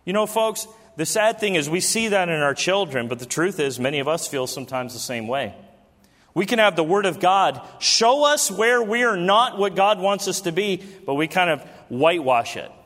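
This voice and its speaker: A man in his thirties with a notably high voice delivers a sermon from the pulpit. He talks to the congregation like friends and keeps asking them questions. His voice rings out with the long reverb of a large church hall. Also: lively intonation, moderate pace, a bit bright. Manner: conversational preaching with rhetorical questions to the congregation. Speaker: pastor. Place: church sanctuary during a service.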